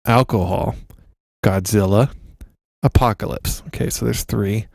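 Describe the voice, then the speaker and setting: A man co-hosting a podcast, joking around in casual chat and reading lyrics out slowly. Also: on the low side, gravelly, darkish tone, no echo, studio quality. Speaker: podcast co-host.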